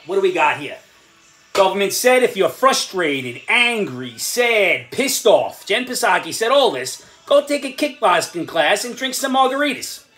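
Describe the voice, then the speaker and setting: A man in his fifties with a high voice that swings widely, ranting sarcastically as host of a comedy vlog. He breaks into laughs between jabs, and faint music plays behind him. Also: fairly bright tone. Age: 50s.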